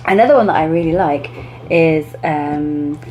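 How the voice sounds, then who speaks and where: A young woman, an English teacher, giving classroom tips in a chatty way, breaking into lively demonstrations. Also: low voice, moderate pace, lo-fi sound, slight background noise.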